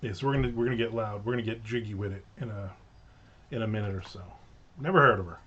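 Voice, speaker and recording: A man's voice: lowish voice, quick pace, a bit bright, slightly rough. A middle-aged man hosting a casual livestream from home, rambling through stories with jokey asides. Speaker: livestream host. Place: at home with windows open. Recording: slightly dull lo-fi sound.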